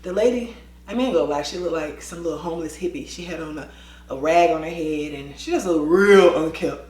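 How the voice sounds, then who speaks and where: A woman's voice: low voice, fairly quick, echoey room. A woman vlogger, a former teacher, telling a dramatic story and acting out the voices of the people in it. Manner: lively, dramatic, acts out quoted voices. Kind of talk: animated storytelling.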